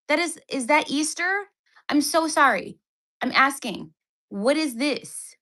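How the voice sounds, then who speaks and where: High bright-voiced mom streaming from home on her phone, fed up and sarcastic. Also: animated, slow pace, long pauses. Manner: exasperated, sarcastic, chatty. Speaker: livestream host. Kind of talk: casual livestream unboxing. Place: home, indoors.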